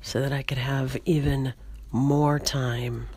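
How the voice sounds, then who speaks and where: A hoarse woman hosting a podcast, rambling casually with lots of fillers as she sets up an old comedy sketch. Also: rumbling low, little pitch movement, slow pace, a little mellow, no room sound. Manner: rambling, with many fillers and restarts. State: hoarse, voice mostly lost. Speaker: podcast host.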